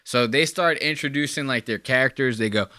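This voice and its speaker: A man's voice: mid-range voice, fairly quick, sharp tone, no room sound, clean studio sound. A man hosting a podcast, giving casual reaction commentary in a profane, mocking way. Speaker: podcast host.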